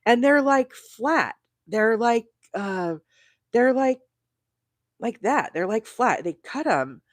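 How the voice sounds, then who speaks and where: A woman from Arizona hosting a crochet livestream, rambling chattily and reading out viewer comments, with bursts of high, excited emphasis. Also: slow, no echo. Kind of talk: casual live-stream chat.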